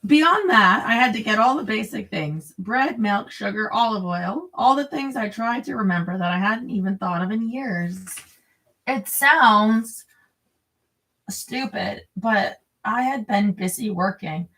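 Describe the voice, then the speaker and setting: A woman's voice: medium pitch, animated, measured pace, sharp tone. A woman reading a memoir aloud, breaking off into crude, rambling, chatty asides. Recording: voice a bit distant from the mic.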